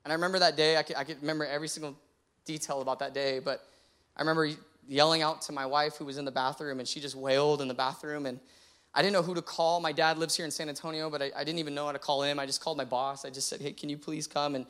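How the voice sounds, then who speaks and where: A man's voice: a little high, fairly even intonation, very fast, fairly bright tone, smooth. A young adult man, a pastor, telling a personal story from the pulpit in an earnest, heartfelt way. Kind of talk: personal testimony sermon.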